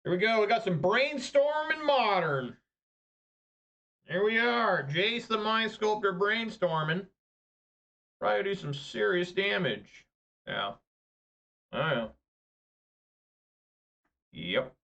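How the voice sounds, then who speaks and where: A man casually commentating his own card game matches, muttering through quiet turns and getting loud and excited at big plays. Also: high voice, slow pace, creaky, long pauses. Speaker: gameplay commentator.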